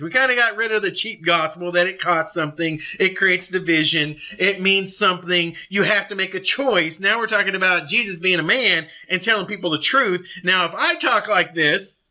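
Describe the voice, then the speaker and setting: A middle-aged man leading a Bible study, blunt and confrontational, with quick asides to his group. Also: high-pitched, sharp tone. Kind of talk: forceful Bible study teaching.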